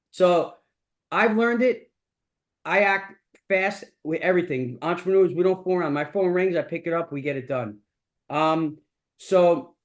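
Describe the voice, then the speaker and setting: A middle-aged man hosting a mastermind, giving a blunt, profane motivational talk that keeps returning to the same catchphrases. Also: high voice. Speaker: mastermind host.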